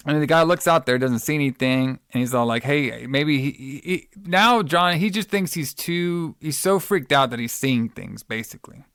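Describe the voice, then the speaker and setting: A man's voice: a little high, expressive, moderate pace, hardly any pauses, a bit bright, clean tone, dry recording, clean studio sound. Loose, cursing male podcast host. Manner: rambling, profane, laughs often, calls people bro. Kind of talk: casual movie recap chat.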